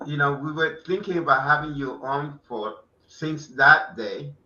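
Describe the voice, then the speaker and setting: A man's voice: fairly high pitch, a little slow, bright, forceful tone. A man hosting a talk show, chatting casually with guests and rambling with frequent restarts. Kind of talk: casual interview chat. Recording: echoey dull lo-fi room sound.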